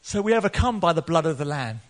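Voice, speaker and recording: An earnest male preacher delivers a sermon, his slightly high voice climbing sharply whenever he gets excited. He laughs often between points. He keeps an open, personal tone throughout. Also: quick pace. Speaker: pastor.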